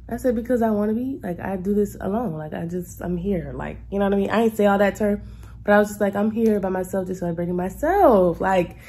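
A young adult woman vlogging to camera, telling a story in a casual, animated and exasperated way with colloquial asides. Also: medium pitch, a little fast, slightly rough.

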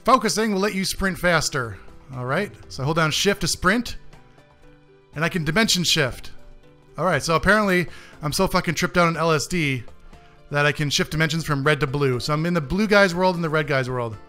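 A man's voice: fairly high pitch, fairly quick, pushed and bright, faint music behind. A man hosting a game review, giving sarcastic, ranting commentary full of swearing as he plays. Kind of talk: profane gameplay commentary.

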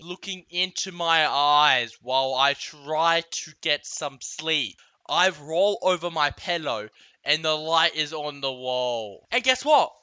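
A man's voice: a little high, pushed and bright, dry recording. A man ranting comically in a vlog, with exaggerated outbursts and yelps, recorded close and dry. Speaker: vlogger. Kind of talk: comedic rant vlog.

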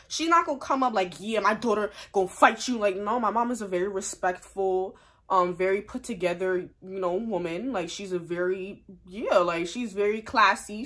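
A young woman vlogger telling a storytime in casual slang, animated and heated, with many fillers. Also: medium pitch.

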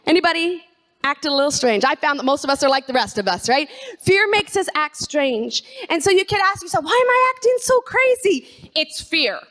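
A woman preaching an energetic sermon, calling on the congregation to repeat phrases after her. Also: high voice, a little fast. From Canada. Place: church sanctuary.

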